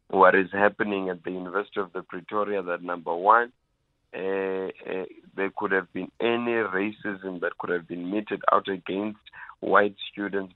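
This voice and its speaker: A young man, a student union spokesperson who is hoarse with flu, speaks deliberately and emphatically, with many pauses. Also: on the low side, dry recording. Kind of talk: radio interview guest. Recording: tinny phone line.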